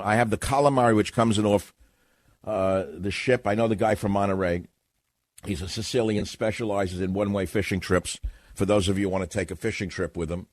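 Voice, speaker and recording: A man's voice: medium pitch, dry recording. Sardonic ranting male radio host. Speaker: radio talk show host. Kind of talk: radio talk show monologue.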